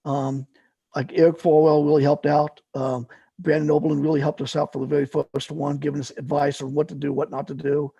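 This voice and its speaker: Middle-aged man, casual storyteller, gravelly and husky, loose rambling delivery. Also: a little high, little pitch movement, a little fast, mellow, no room sound, muffled recording. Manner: rambling, lots of fillers and restarts. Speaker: guest, paramotor fly-in organizer.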